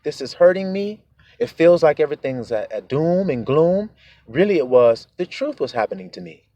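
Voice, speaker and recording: An animated preacher delivers a sermon, his voice sitting a little high for a man. His pitch swings widely as he slips into the voices of the people he quotes. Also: normal speed, muffled recording.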